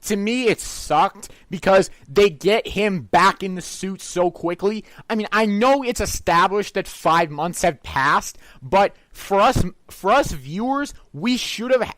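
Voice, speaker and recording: A man's voice: high voice, expressive, unhurried, hardly any pauses, a bit bright, dry recording. A man co-hosting a movie review chat, bluntly and emphatically repeating his complaints. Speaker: co-host of a movie review show.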